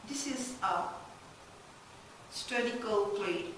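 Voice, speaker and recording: Slow lecturing woman in an echoey room. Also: a little high, lively intonation, a bit bright. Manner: slow, halting explanation with questions to the class. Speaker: literature lecturer. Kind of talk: classroom lecture. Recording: very echoey room, distant mic, faint noise.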